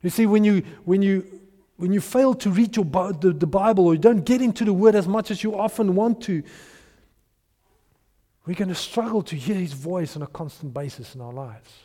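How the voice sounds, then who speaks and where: Male pastor preaching, earnest with soft trailing endings, in a big echoing hall. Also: sits high, moderate pace. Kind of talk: sermon.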